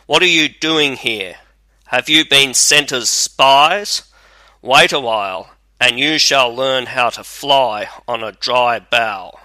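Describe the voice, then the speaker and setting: A man's voice: mid-range voice, slow, hardly any pauses, sharp tone, no room sound. A man voicing mocking menacing robbers. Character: rough menacing band of male robbers.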